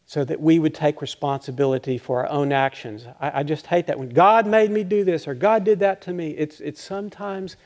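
A man's voice: a little high, a little mellow. Older male pastor, chatty sermon. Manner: conversational, self-deprecating, halting with restarts and chuckles.

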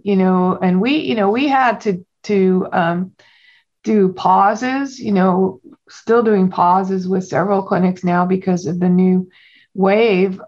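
A woman guest speaks slowly with a gravelly edge, halting and restarting often. The audio is dull and lo-fi. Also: mid-range voice, a little mellow. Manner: halting, many restarts and fillers. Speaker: epidemiologist guest. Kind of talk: podcast interview answers.

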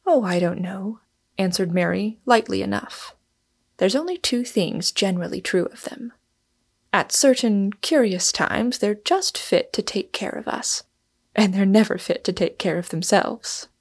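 A woman's voice: mid-range voice, animated, unhurried, slightly rough. A woman doing a plain-spoken cheerful wife. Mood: brisk.

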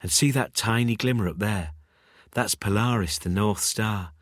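An actor with a Manchester accent playing a young pharmacist who enthuses softly and wistfully about the stars. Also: male voice, lowish voice, moderate pace, no room sound, studio quality, lightly acted. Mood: dreamy. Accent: Mancunian. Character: dreamy stargazing young male pharmacist.

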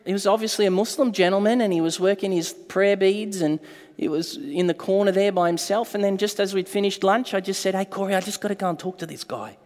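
With a high voice and brisk delivery, this man preaches as a pastor, and a long reverb tail trails his words. His sermon is animated storytelling in which he performs the quoted lines.

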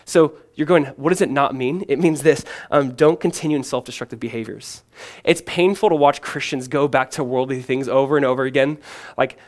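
A man preaching a sermon as pastor, earnest and emphatic, posing questions and answering them, moving between strong proclamation and hushed, conversational asides peppered with "man.". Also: mid-range voice, a little fast.

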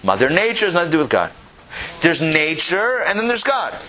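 A man teaching a Torah class, animated, repeating phrases and asking his listeners questions. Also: a little high, brisk.

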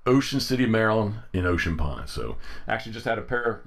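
A man's voice: lowish voice, big pitch swings, fairly quick. A man co-hosting a casual podcast chat from outdoors by a pond, talking hesitantly and often restarting his sentences. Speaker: podcast co-host.

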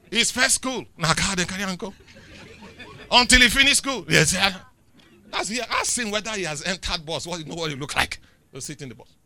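A middle-aged Nigerian man preaching a sermon, swinging between loud declarations and quiet asides. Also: sits high.

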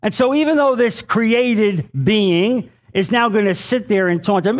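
A male pastor with a noticeably high voice for a man delivers a sermon. He talks earnestly and directly to his congregation, often repeating a phrase for weight and pausing on small fillers. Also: lively intonation. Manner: addresses the congregation directly, asks for an amen.

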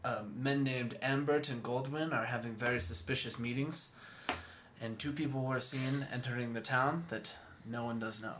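A man's voice: medium pitch, fairly even intonation, moderate pace, background noise, close to an everyday voice. A man voicing a polite young male elf soldier delivering a message, in a stiff, formal way.

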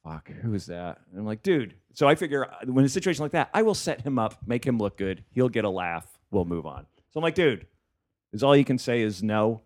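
A male comedian spinning a long story on a podcast, his pitch swinging up and down as he goes. He swears freely and laughs at his own punchlines, in a relaxed, chatty tone. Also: fast talker, few pauses. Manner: animated, profane, laughs often while telling a story. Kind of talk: casual storytelling chat.

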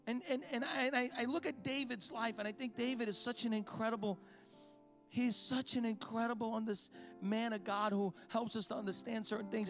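Male pastor, very high voice, fervent repetitive preaching, soft music underneath. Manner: impassioned preaching, repeating phrases. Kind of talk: sermon.

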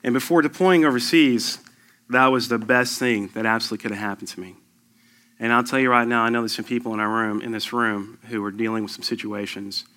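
A man's voice: medium pitch, steady tone, brisk, pushed and bright. A man in his thirties giving an earnest sermon, telling a personal testimony with rising emphasis. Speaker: lay preacher sharing testimony.

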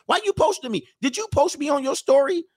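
A man's voice: very high-pitched, expressive, fairly quick, pitched above the performer's own voice. A man voicing a brash young man at a club, slangy and indignant, saying "man" a lot.

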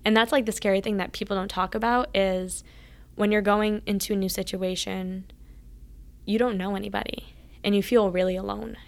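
A woman's voice: medium pitch, gravelly. A woman guest in an interview, earnestly recounting her time as a college athlete and often acting out past conversations. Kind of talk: casual interview storytelling.

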